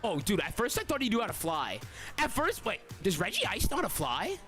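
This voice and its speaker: With music playing underneath, a young man hosts a game tournament on stream, talking briskly in a high voice. He gets excited with his chat, leans on the word "guys," and yells when surprised.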